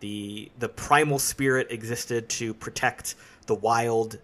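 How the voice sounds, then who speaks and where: A man hosting a casual podcast discussion, explaining things in a steady, analytical way. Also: medium pitch, slow. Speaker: podcast host.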